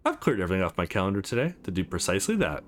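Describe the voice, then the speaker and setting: A man voicing a cold, ruthless male corporate killer in a visual novel, calm and clipped. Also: low voice, racing, a little hiss or hum, voice pushed down.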